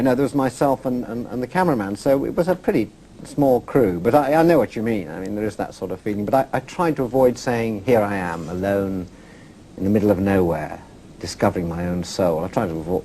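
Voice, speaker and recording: A man's voice: lowish voice, mellow, slight background noise. An older man from England, a guest telling travel stories in a chatty, self-mocking way. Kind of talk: casual interview chat.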